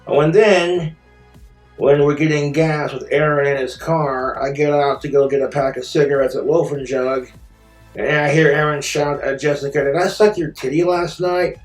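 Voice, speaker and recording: A man's voice: a little high, little pitch movement, moderate pace, reverberant, soft background music. A man in an angry personal rant, bitter, profane and indignant. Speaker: streamer telling his story.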